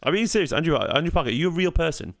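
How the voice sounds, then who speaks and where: A man's voice: on the high side, very animated, rapid-fire, vocal fry, fairly bright tone. A man in his thirties hosting a live football watchalong, chatting casually, reacting to the match and answering chat messages while tired and yawning. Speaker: fan channel host.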